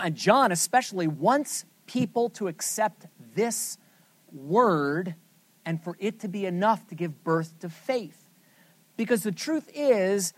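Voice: medium pitch, no echo. Questioning Bible study teacher, dry sound. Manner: asks the group many questions, then answers them with emphasis. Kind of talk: teaching a scripture lesson.

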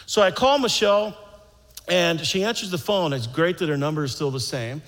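A man preaching a sermon, telling a personal story with playful quoted voices, then turning slow and solemn. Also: fairly high pitch, fairly bright tone. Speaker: pastor. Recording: long hall reverb.

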